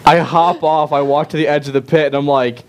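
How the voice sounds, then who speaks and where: A man's voice: fairly even intonation, fairly quick, a little hiss or hum. A man co-hosting a casual chat show, telling rambling stories and acting out the quotes. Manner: rambling, acts out quotes with jumps in pitch. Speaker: podcast co-host. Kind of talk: casual chat, animated storytelling.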